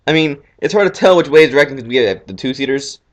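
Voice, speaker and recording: A teenage boy from Sacramento rambling casually to the camera, jokey and animated, squealing when he acts out what others said. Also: mid-range voice, quick pace. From Sacramento, California. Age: teens. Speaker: vlogger.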